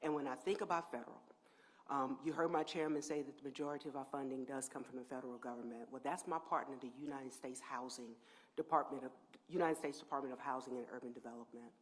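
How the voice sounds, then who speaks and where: A middle-aged woman who heads a housing agency gives a heartfelt public speech at a press event. She swings from near-whispers to loud, emphatic peaks as she thanks people, speaking into a podium microphone. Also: extremely low pitch, steady tone, fast.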